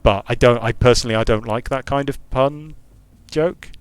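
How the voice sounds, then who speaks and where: A man's voice: medium pitch, moderate pace, clear, resonant tone, no echo. A British man, a game designer, giving casual, digressive commentary while he plays a strategy game. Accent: British English. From United Kingdom. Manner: digressive, musing aloud. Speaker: game designer streaming his play.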